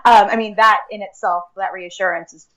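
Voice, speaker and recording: Fairly quick and steady, a woman guest who is an akashic records reader and teacher talks earnestly in a casual interview style, peppered with "like" and "um." Her medium-pitched voice is a bit bright, in a low-quality recording.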